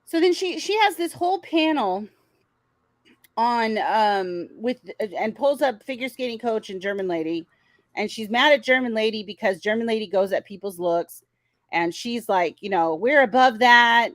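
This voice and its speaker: A woman's voice: mid-range voice, lively intonation, normal speed, dry recording, poor audio. A woman hosting a casual commentary show, talking in a blunt, sarcastic way and swearing freely. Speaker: commentary channel host.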